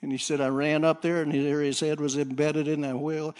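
A man with a voice on the high side preaches a sermon, telling a story with halting repeats and throat clearing before climbing to loud, excited peaks.

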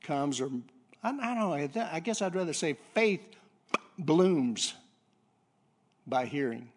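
A man preaching a sermon, telling a story with halting repeats and throat clearing, then climbing to loud excited peaks. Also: a little high.

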